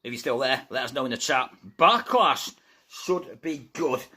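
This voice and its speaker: A man hosting a casual live stream of wrestling news, chatty and excitable, talking through a fever from a room at home. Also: mid-range voice, measured pace, husky. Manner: chatty and excitable, addresses viewers as guys.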